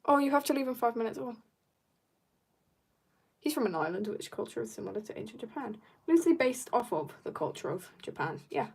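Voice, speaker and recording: A woman's voice: on the high side, big pitch swings, fairly quick, vocal fry, pauses often, husky. A young woman chatting casually while drawing on a livestream, bubbly and joking as she reads viewer comments. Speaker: art livestreamer.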